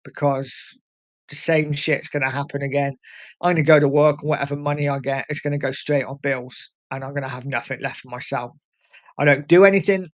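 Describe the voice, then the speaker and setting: A man's voice: mid-range voice, fairly even intonation, fairly quick. A man in his forties from England, hosting a fan channel and talking candidly and earnestly to his viewers, often repeating "listen". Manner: earnest, heartfelt and repetitive, often saying "listen". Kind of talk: candid vlog talk.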